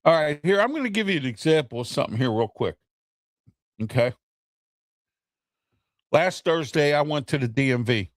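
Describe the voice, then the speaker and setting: A man hosts his own opinion show in a fairly high, insistent voice. He talks heatedly, goes back over the same points and keeps asking "okay?" The sound is dry and close to the mic. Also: animated, normal speed, long pauses, no room sound. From United States. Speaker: talk show host. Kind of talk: opinion talk show monologue.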